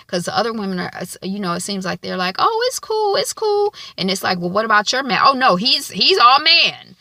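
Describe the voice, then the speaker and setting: Gravelly low-voiced woman recapping a show. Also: bright, forceful tone, no echo. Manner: chatty, many filler ums; colloquial, loose grammar. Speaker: TV episode reviewer. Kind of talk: casual spoken TV recap.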